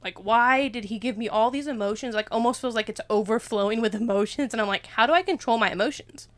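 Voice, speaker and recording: A woman's voice: on the high side, fast, a bit bright, no echo. A young woman, rambling and emotional as she opens up in a casual faith chat, laughing often. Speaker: podcast co-host.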